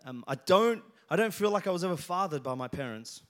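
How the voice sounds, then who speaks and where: Fairly high in pitch and fairly quick, this man's voice carries lively intonation as he preaches. He is a pastor in a church hall, telling jokes and funny stories and speaking to congregation members by name.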